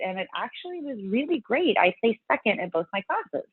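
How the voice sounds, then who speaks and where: A woman's voice: a little high, very animated, brisk, slightly rough, dry recording. Chatty woman on a tinny line. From Louisiana, US South. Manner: chatty, acts out her own past reactions in quotes. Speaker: interview guest, fitness competitor. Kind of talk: casual interview storytelling. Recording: dry, tinny phone-like line.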